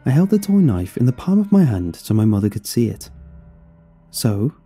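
Dark, husky male horror storyteller. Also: mid-range voice, fast talker, faint music behind. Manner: expressive first-person storytelling. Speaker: narrator. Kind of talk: scripted horror story narration.

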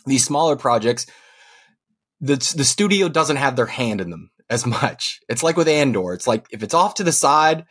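A man's voice: medium pitch, animated, moderate pace, fairly bright tone, slightly rough. A man co-hosting a casual movie podcast, talking enthusiastically and laughing between points. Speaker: podcast co-host.

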